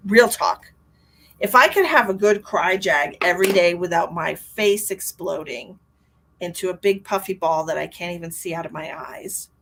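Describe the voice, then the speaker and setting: A middle-aged woman hosting a live psychic stream, chatting casually and rambling to viewers, her voice swinging from loud to almost a whisper. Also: medium pitch, a little hiss or hum.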